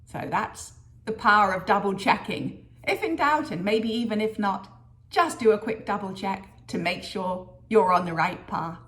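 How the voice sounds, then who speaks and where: A woman vlogging a workplace story, lively and acting out the voices of people she quotes. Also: mid-range voice, normal speed. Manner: lively storyteller who acts out quoted dialogue. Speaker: business leader sharing a career story. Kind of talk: storytelling vlog.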